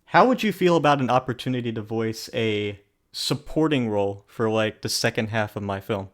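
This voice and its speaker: A man's voice: on the low side, moderate pace. Casual male podcast host. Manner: relaxed, self-deprecating. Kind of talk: casual interview questions.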